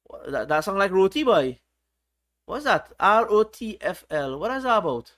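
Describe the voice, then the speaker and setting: A man's voice: sits high, very animated, moderate pace, bright, forceful tone. A man hosting a casual livestream, reading viewers' chat aloud in a playful, teasing way. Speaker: livestream host.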